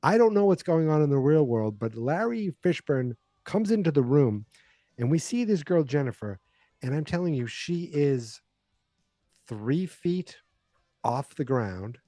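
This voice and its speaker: A man's voice: a little high, very animated, a little slow, warm tone, no room sound, studio quality, faint music behind. A man hosting a podcast, giving a chatty, rambling casual recap of a film. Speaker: podcast host.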